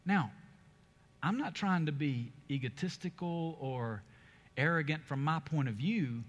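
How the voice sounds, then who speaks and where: A man's voice: fairly high pitch, unhurried. A man preaching a sermon as pastor, with emphatic rises and strong stresses on key words. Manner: preaching with emphatic, rising delivery. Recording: long hall reverb.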